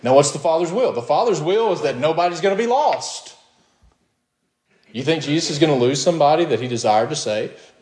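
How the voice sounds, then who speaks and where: A man's voice: expressive, fairly quick, darkish tone. Emphatic preacher man in an echoey room. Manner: emphatic, rising to high questions, with short laughs. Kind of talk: sermon.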